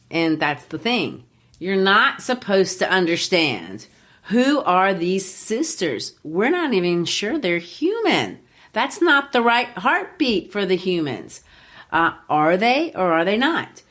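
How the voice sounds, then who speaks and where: A woman hosting a literature podcast and explaining in a lively, teacherly way, with frequent "you know.". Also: fairly low pitch.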